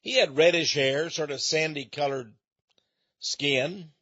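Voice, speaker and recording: A man's voice: a little high, takes it slowly, pushed and bright, husky, no echo, dull audio. A man from Texas talking in a folksy monologue, a chatty storyteller with chuckling asides. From Texas, USA.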